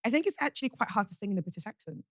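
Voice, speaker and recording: A woman hosts a casual podcast chat, talking quickly and playfully. She backs up her guest with a rapid run of yeahs and mm-hmms. Her voice is close and dry on a studio mic. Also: mid-range voice, lively intonation, no echo. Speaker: podcast host.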